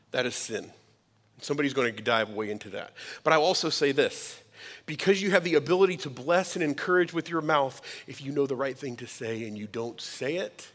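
A man in his thirties preaching a sermon as a pastor, emphatic and conversational, with quick asides to the congregation. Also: mid-range voice. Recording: long hall reverb.

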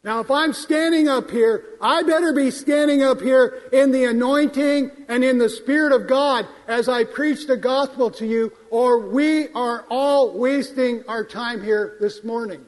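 A man with a strikingly high voice preaches a sermon at an unhurried pace, stressing key words as he quotes scripture. His voice rings out with a long reverb from the church sanctuary. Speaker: pastor.

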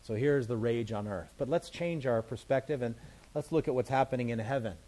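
A man delivers a sermon at a middle pitch. His preaching is plain-spoken and conversational, with playful, joking asides as he explains the scripture. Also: fairly quick, mellow. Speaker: pastor.

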